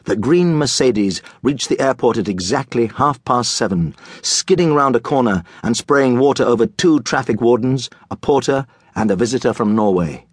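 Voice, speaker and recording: A man narrating a children's audiobook in a lively, comic storytelling manner. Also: mid-range voice, normal speed, few pauses, husky, dry recording, studio quality. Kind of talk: scripted children's book narration.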